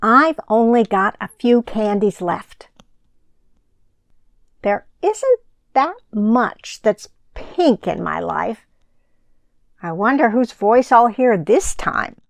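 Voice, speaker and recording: A woman reading a picture book aloud for a children's sermon, in a slow, deliberate and expressive way. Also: a little high, gravelly, no room sound.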